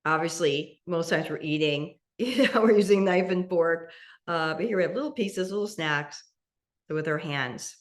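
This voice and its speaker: Gentle woman guiding a mindful eating class. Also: on the low side. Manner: slow, gentle guiding with soft laughs. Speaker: meditation instructor. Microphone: video call.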